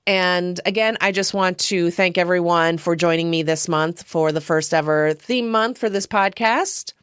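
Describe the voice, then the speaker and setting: A woman's voice: lowish voice, a little slow, clean tone, no room sound. A woman hosting her own podcast, giving a casual, rambling film review with frequent chuckles and self-deprecating asides. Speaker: podcast host.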